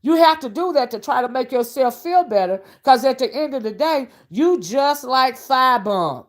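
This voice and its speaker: A woman's voice: high voice, expressive, normal speed. A woman hosting a casual live-stream commentary, sassy and mocking as she rants and greets her chat. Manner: greets chat viewers mid-rant. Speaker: online commentary host.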